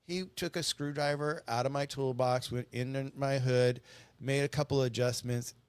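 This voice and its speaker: A man's voice: mid-range voice, steady tone, moderate pace, clear, resonant tone, no echo. A middle-aged man chatting as a guest, telling stories in an earnest, rambling way. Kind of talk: casual storytelling chat.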